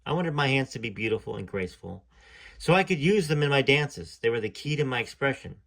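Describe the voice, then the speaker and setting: A man reading a first-person memoir aloud at a middling pitch. He slips in casual, wry comments between passages. The delivery sounds like a relaxed storytelling read. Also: fairly quick, creaky. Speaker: reader of a memoir.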